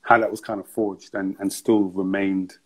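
Relaxed low-voiced male interviewer. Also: moderate pace, slightly rough, low-quality recording. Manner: relaxed, encouraging questioner. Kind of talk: casual interview questions.

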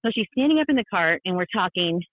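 A woman's voice: on the low side, fast, no echo. Woman telling a story over a thin line. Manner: animated, self-deprecating, laughs often, many fillers. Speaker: podcast guest, mother. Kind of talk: casual storytelling on a podcast. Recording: thin phone-like sound, dry.

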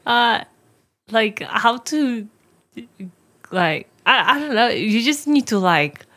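A woman with a Korean accent in casual chat, speaking haltingly as she searches for her words. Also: on the high side, expressive, sharp tone.

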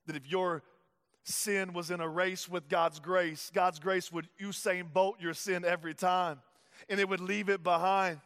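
A pastor in his thirties delivers a sermon in a notably high-pitched voice. He swings between quiet, close passages and loud, driving ones. The sound carries a long hall reverb. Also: fairly even intonation, moderate pace, smooth. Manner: preaching with swings from hushed to loud.

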